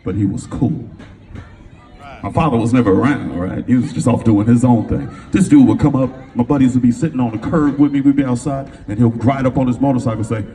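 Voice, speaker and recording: A middle-aged man from California, a motivational speaker telling a personal story to a live audience in an animated, slangy way, acting out the voices of the people in it. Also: medium pitch, a little fast. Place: event venue before an audience. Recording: distant mic with faint room noise.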